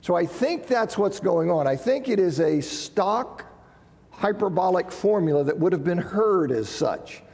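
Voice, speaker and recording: Male Bible teacher, high and gravelly, chatty and emphatic, recorded in a reverberant church hall. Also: expressive, measured pace, a little mellow. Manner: conversational, checks in with 'okay', reads scripture quotes with rising emphasis. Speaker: preacher teaching a Bible class. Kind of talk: sermon-style Bible teaching.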